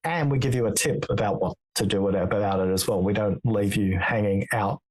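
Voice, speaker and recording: A man being interviewed as a guest, speaking in a measured, explanatory way and telling stories with quoted dialogue. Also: fairly low pitch, breathy edge, rough recording. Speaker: podcast guest, author on listening. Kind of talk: interview conversation.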